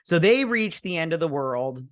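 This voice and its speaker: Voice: mid-range voice, big pitch swings, normal speed. A host giving a casual, sarcastic recap and review of a TV episode, rambling with many fillers.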